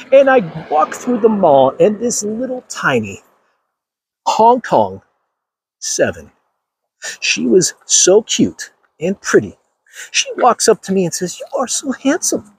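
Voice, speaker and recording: A man's voice: high-pitched, very animated, measured pace, husky, no room sound. A man hosting a livestream, ranting emphatically to his viewers and repeating himself for effect. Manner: emphatic, repetitive, addresses viewers directly. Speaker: channel host.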